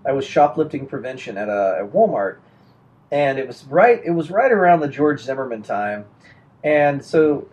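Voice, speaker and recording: A man's voice: medium pitch, sing-song, moderate pace, a little mellow, highs cut off. A young adult man chatting casually and telling a rambling story, full of restarts and fillers.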